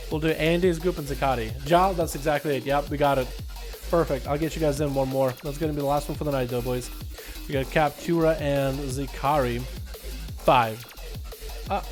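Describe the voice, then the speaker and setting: A young man with a high, light voice hosts a game livestream, bantering with viewers and teasing himself. He shifts into fast, excited play-by-play as the duels start. Faint music plays underneath. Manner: playful, self-mocking, quick excited commentary. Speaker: streamer hosting arena duels. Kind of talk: casual livestream chat and play-by-play commentary.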